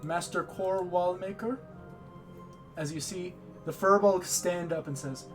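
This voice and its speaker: Slow, deliberate man running a tabletop game. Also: high voice, a bit bright, faint music behind. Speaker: game master.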